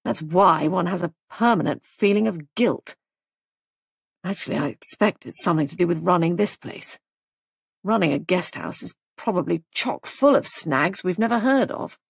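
A woman voicing a young husband who talks in a gloomy, matter-of-fact way, dropping her voice lower. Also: animated, moderate pace, creaky, husky, no echo, clean studio sound, full character voice.

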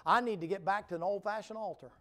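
A revival preacher, a man, speaks to a congregation in a church. His voice sits high and rings out smooth and clear. He mixes homespun jokes with fervent, rising appeals. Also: fast, a bit bright. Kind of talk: folksy revival sermon. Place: church sanctuary before a congregation.

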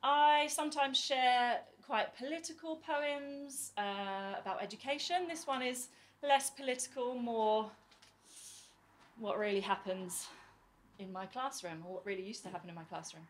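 Performance poet: a woman from the northeast with a soft southern English accent, slightly high voice, rhythmic verse with dramatic pauses. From northeast England. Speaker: poet and teacher. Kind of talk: spoken word poetry performance.

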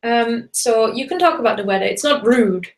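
A woman with a somewhat high voice teaches German in a relaxed live webinar, trading English explanations for German examples. Her talk is loose and chatty, full of fillers and restarts. The sound carries a roomy echo. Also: normal speed.

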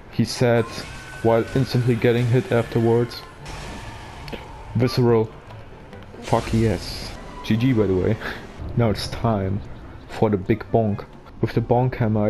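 Monotone man with a German accent. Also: on the low side. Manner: flat monotone, joking to himself. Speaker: gameplay commentator. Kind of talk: casual gaming commentary. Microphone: basic microphone.

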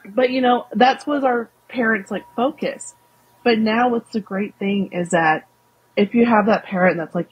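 Young Southern woman, husky candid voice. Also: a little high, measured pace, poor audio. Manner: candid, animated, many fillers. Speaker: guest. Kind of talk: casual interview chat.

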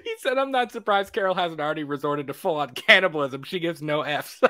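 Excitable young man in casual chat. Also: fairly high pitch, a little fast. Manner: animated, swearing, acts out his own reactions. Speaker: podcast co-host.

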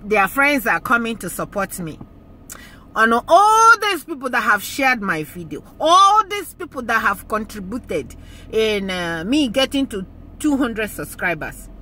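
Slow-spoken woman with a bright voice. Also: sits high. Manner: emotional, earnest, repeats phrases for emphasis. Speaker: YouTube channel host. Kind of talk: heartfelt thank-you talk to viewers.

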